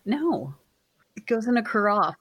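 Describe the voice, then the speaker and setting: A woman's voice: mid-range voice, sing-song, a little slow, fairly bright tone, breathy edge, dry recording. A woman from the United States co-hosting a casual comedy podcast, teasing and sarcastic, swearing freely. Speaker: podcast co-host.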